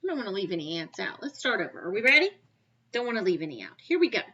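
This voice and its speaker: A woman's voice: mid-range voice, very animated, very fast, sharp tone, breathy edge, lo-fi sound. A woman teaching a recorded kindergarten math lesson, upbeat and encouraging, coaxing children to count along with her.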